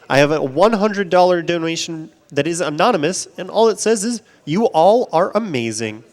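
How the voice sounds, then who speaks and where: A man's voice: on the high side, lively intonation, normal speed. A man reading out donations and urging viewers on during a live charity gaming stream. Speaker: donation reader. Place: event stage.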